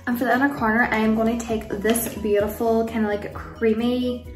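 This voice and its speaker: Rambling cheerfully through a casual makeup tutorial and Q&A, this young Irish woman gushes about products and laughs a lot. She's a beauty vlogger recording in a room at home with kids close by, her fairly high voice moving little in pitch and running a little fast. Soft music sits behind her, and the distant mic gives a roomy sound.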